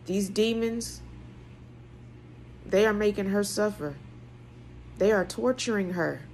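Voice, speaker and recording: A woman, giving an emphatic, preaching monologue that repeats phrases and swings between soft and loud. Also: medium pitch, takes it slowly, slight background noise. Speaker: vlogger.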